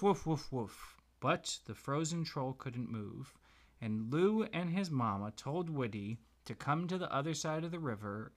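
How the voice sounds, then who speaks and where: A man gently making up a bedtime story for his child, pausing as he thinks of what comes next. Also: mid-range voice. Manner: gentle, unhurried, makes the tale up as he goes. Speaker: parent telling a story.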